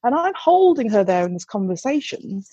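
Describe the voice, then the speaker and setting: A woman's voice: mid-range voice, sing-song, moderate pace, dark tone, slightly rough, dry recording, muffled recording. A woman, a mother, telling a candid, chatty anecdote with some swearing and restarts. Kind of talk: casual anecdote.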